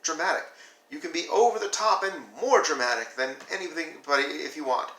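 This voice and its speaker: A male teacher giving a video lesson, animated and demonstrating flat versus expressive reading aloud. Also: fairly high pitch, a little fast, roomy sound, far from the mic, low-quality recording.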